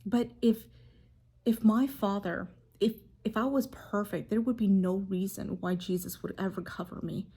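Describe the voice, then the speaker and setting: Breathy woman sharing a heartfelt story. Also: mid-range voice, warm tone. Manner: earnest, halting, emotional storytelling. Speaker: mother sharing a faith reflection. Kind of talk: casual devotional talk to camera.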